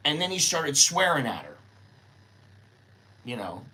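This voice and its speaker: A man's voice: on the low side, normal speed, bright, forceful tone. An older American man who is a vlogger, talking in a rambling, chatty, unscripted way and thinking aloud as he goes. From United States. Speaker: vlogger living in Thailand. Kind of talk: casual unscripted monologue.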